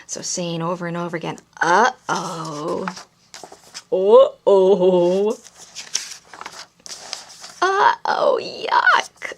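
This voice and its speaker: A woman giving parents gentle, encouraging tips on reading aloud to toddlers, in an instructional talk. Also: fairly low pitch, gravelly, slight background noise. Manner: gentle, encouraging, breaks into playful sound demonstrations. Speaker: early childhood reading coach.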